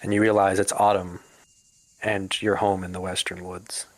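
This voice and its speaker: Low-voiced man narrating a game. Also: level tone, rough recording. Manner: pausing, descriptive. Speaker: game master.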